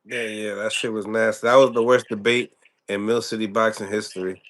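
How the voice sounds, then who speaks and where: A man's voice: lowish voice, flat delivery, fairly quick, fairly bright tone. A man hosting a casual live-stream chat, laid-back and slangy. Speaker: host.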